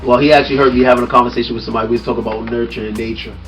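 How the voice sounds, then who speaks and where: A man hosting a casual podcast chat, animated and laughing often, building his points with questions to his guest. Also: mid-range voice, racing, recorded from a distance, faint music behind, poor audio. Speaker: podcast host. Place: studio room with a small audience.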